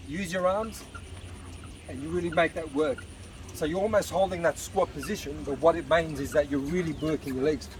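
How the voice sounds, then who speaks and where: A man, coaching viewers through an outdoor workout while slightly out of breath, encouraging as he exercises. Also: on the high side. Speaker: fitness coach. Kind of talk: casual workout demonstration. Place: outdoor beach park. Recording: distant outdoor mic with traffic noise.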